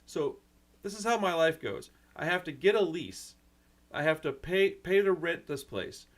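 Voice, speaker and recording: Close to tears, this U.S. channel host and record-store owner delivers a rambling, frustrated personal rant on camera. He sounds a little high-pitched and expressive, speaking somewhat slowly, with mild swearing and frequent "dude" and "man."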